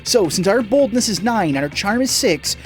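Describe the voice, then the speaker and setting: A man talking casually over a game he plays, joking and rambling, and speeding up when he gets going. His voice is mid-pitched. Soft music runs under him. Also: lively intonation, moderate pace. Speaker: game streamer.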